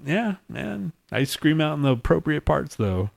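A man's voice: on the high side, normal speed, creaky. Profane, rambling male podcast co-host. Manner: profane, rambling storytelling with animated imitations. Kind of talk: casual chat.

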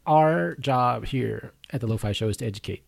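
A man's voice: medium pitch, normal speed, vocal fry. A man hosting a podcast, swearing casually and pushing the segments along. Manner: bossy, swearing, running the segments. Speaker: podcast host. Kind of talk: casual crude banter.

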